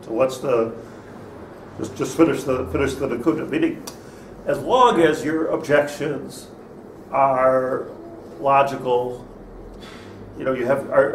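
A man's voice: mid-range voice, normal speed, pauses often. A man, a rabbi, teaching an informal Torah class in a conversational way, with many restarts and Hebrew terms. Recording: echoey room, speaker far from mic, faint noise.

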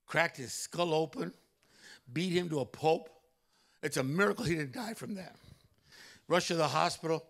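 Male pastor preaching in church; high, ringing voice, lively stories and loud exclamations. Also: moderate pace, gravelly, long pauses. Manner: animated storytelling with loud exclamations. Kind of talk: sermon.

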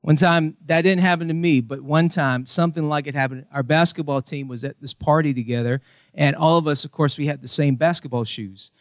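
Animated young pastor, dry close sound. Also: male voice, fairly high pitch, fairly quick, no room sound. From United States. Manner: animated, acts out quoted voices. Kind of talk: sermon with storytelling humor.

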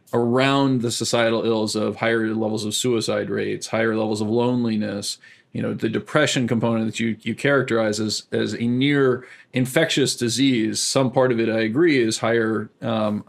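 Measured, appreciative male interviewer. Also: mid-range voice, vocal fry. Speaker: interviewer host. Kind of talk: interview talk.

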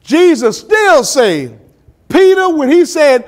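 A lively male pastor with a high voice preaches a Bible study sermon in church. His style is preachy, with dramatic pauses, acted-out quotes, and colloquial asides.

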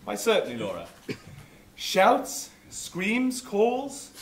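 A man's voice: high-pitched, slow, exaggerated voice. A man playing a bumbling, mock-grand police inspector in an amateur stage comedy. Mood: theatrical. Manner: theatrical, lively, mock-grand. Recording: echoey theatre hall from far off.

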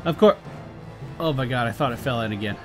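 A man's voice: medium pitch, brisk, soft background music. A man giving casual gameplay commentary on a let's play, swearing and exasperated, talking back at the game.

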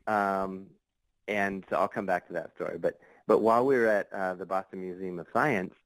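A man's voice: deep voice, moderate pace, no echo, rough recording. A man, a podcast guest, telling a long story in a casual, rambling way, full of fillers and restarts. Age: adult.

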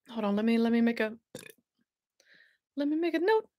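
Bubbly high-voiced woman livestreaming. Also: lively intonation, normal speed, darkish tone. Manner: bubbly, laughs often, chats with viewers. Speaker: host. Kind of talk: casual livestream chat.

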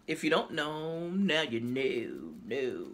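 A woman chatting casually to her viewers in a haul video, lively and exclamatory, talking straight to the camera and sometimes while chewing. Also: deep voice, slow. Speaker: haul vlogger. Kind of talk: casual haul vlog chat.

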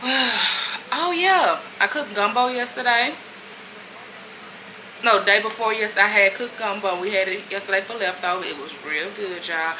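A woman's voice: on the low side, noisy background. A woman chatting candidly to camera as a lifestyle vlogger, often calling her viewers y'all. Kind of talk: casual chat to camera.

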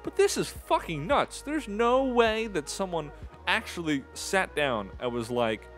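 A man's voice: high-pitched, very animated, measured pace, fairly bright tone, soft background music. A young man giving angry, profane commentary on a video clip, exasperated and ranting. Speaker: commentary YouTuber.

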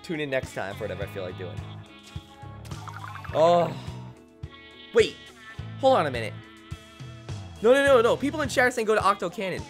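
Excitable young man streaming a game. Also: high-pitched, moderate pace, long pauses, faint music behind. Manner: excitable, self-deprecating, talks to chat. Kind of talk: live gameplay commentary.

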